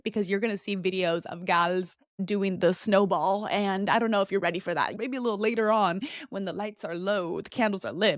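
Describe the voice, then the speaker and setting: A woman's voice: medium pitch, no echo, clean studio sound. A young woman hosting a podcast, telling a personal story in a chatty, candid way and acting out the voices of other people. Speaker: podcast host. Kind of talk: casual storytelling monologue.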